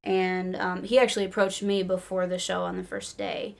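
A woman from Illinois chatting casually, an excitable storyteller who acts out quotes and laughs often. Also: lowish voice, moderate pace, vocal fry. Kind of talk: casual chat.

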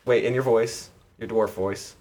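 A man's voice: on the low side, fairly even intonation, unhurried, a loud crowd. A man running a casual tabletop game as game master, joking and laughing often.

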